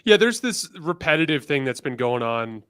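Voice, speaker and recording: A man's voice: fairly high pitch, sing-song, moderate pace, a bit bright, clear, resonant tone, no room sound, studio quality. A man guesting on a podcast, talking animatedly and acting out quoted characters. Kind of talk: casual podcast chat.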